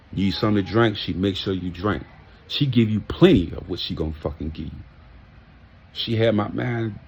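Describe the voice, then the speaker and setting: A man telling a casual, heartfelt story, emphatic and full of street slang and profanity. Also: on the low side. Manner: heartfelt and reminiscing. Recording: muffled lo-fi audio.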